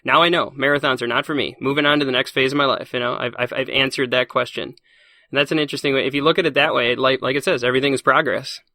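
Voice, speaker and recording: A man telling stories in a casual podcast interview as a guest, animated and laughing often. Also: mid-range voice, no room sound, studio quality. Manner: fast, animated storyteller who laughs often. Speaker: podcast guest, science teacher.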